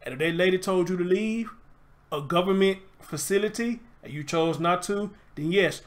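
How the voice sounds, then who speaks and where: A man's voice: high voice, moderate pace. A man from Memphis with a Southern accent, hosting a casual live stream, reading an article aloud and reacting to it emphatically. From Memphis, USA. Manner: reads aloud then reacts emphatically, greets viewers.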